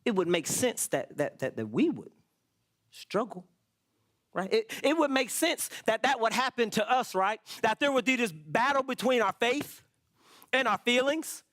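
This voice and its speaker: A man preaching to his church, his fairly high voice swinging widely up and down. He moves from plain explaining into acted-out prayers, rising and dropping as he drives his points home. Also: a little slow. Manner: animated preaching, reading scripture aloud, acting out people's worried prayers. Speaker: pastor. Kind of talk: sermon.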